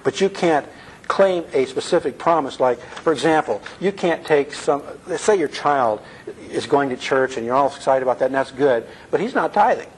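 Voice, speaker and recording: A man's voice: mid-range voice, animated, moderate pace, slight background noise, low-quality recording. A man giving a conversational sermon, earnest, often asking his listeners questions. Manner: earnest, asks the audience questions. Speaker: preacher.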